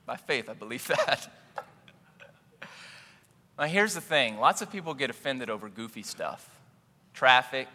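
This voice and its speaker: A man's voice: mid-range voice, pushed and bright, husky, big-room sound. A man giving a humorous, conversational sermon as a pastor, acting out little scenes and chuckling often. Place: church sanctuary.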